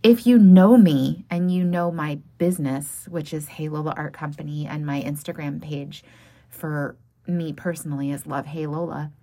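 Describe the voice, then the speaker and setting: A woman's voice: sits low, fairly even intonation, normal speed, warm tone. A woman who runs a small art business tells a personal story frankly and plainly, laughing now and then between lines.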